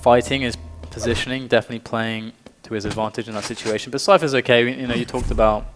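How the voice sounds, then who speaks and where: A man casting a live online game match, play-by-play, getting excited at big plays. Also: medium pitch, fast, faint music behind. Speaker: esports caster. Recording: long reverb and steady noise.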